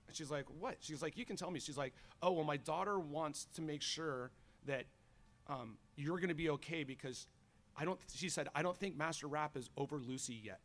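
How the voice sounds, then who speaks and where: A middle-aged college teacher, a guest on a radio show, chatting casually and telling animated stories with many fillers. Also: male voice, on the high side, fairly quick. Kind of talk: casual radio interview chat.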